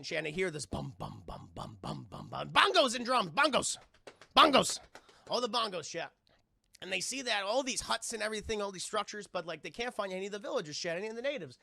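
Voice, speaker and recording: A man recapping a film for his livestream chat in a casual, profane, animated way, talking straight to the chat and breaking into loud laughter. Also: fast, gravelly, no echo. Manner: bursts into loud high laughter. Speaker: film reviewer streaming to chat.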